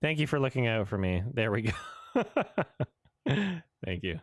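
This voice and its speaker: A man's voice: lowish voice, expressive, normal speed, no room sound. A man streaming a reaction video, giving casual, sarcastic and exasperated commentary.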